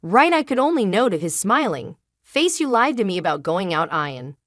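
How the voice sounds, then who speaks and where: A woman narrating a first-person dramatic story in an emotional, halting way. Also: mid-range voice, sing-song, a bit bright, no room sound, studio quality.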